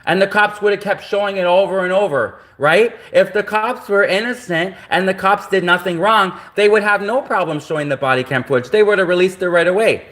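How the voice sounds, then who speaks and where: A man's voice: high voice, brisk, few pauses, a bit bright. A man from Canada, ranting in a rambling livestream monologue that keeps repeating itself and circling back to the same points.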